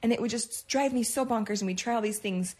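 A woman's voice: on the high side, quick pace, a little mellow, slightly rough. A woman in her thirties co-hosting a podcast, telling a story in a casual chat and laughing along. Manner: chatty, laughs while telling stories. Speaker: podcast co-host.

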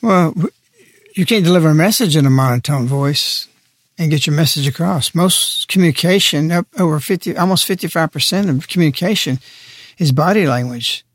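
A man's voice: a little high, fairly quick, no echo. A man speaking on a radio talk show in an impassioned, preaching way, pressing his points hard. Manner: forceful, preaching, emphatic.

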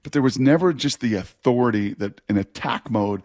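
A man in his forties, a former player, co-hosting sports talk radio and telling long, animated stories. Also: medium pitch, brisk. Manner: animated, rambling storyteller.

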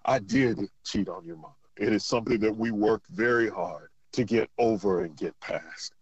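A man calling in to a radio show as a father, talking in an earnest, halting way with many restarts. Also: fairly low pitch, breathy edge, no room sound, highs cut off. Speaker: caller, father. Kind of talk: emotional phone conversation.

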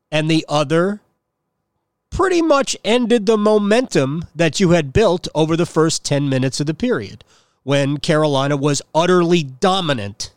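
A man hosting a sports talk podcast, delivering an opinionated monologue in a blunt, combative way. His voice sits fairly high and sounds smooth and resonant. The recording is dry and close, with no room sound. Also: no echo. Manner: blunt and combative, with sarcastic jabs at listeners. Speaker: podcast host.

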